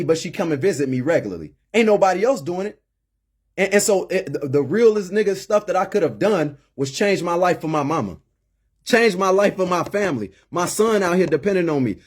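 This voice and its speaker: Husky-voiced man preaching with fervor. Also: fairly high pitch. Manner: emphatic and preachy, repeating words as he builds. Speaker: former inmate turned community mentor. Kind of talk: impassioned personal monologue.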